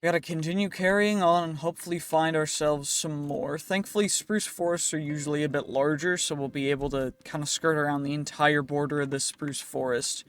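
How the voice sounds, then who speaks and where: A man's voice: on the high side, fairly even intonation, a little fast, hardly any pauses. A young man chatting playfully and rambling as he narrates his modded game, dropping goofy phrases now and then. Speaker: gaming video creator. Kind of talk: casual Minecraft let's-play commentary.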